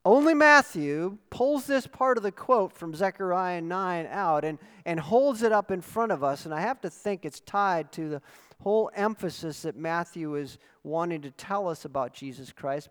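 Male pastor, sermon delivery, earnest teacher who swells into emphatic calls, voice a bit high, long church reverb. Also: a bit bright, clean tone.

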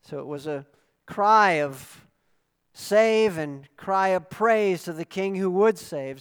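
A man's voice: high-pitched, smooth. A man preaching a sermon as pastor, earnest and teaching, rising to emphatic exclamations. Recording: long hall reverb.

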